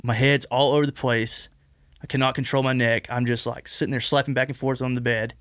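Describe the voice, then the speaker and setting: A man's voice: mid-range voice, level tone, a little fast, fairly bright tone, no room sound. Rambling young man, dry close sound. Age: 20s. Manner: rambling, heavy use of "like" and restarts. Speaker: podcast guest. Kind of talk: casual storytelling in conversation.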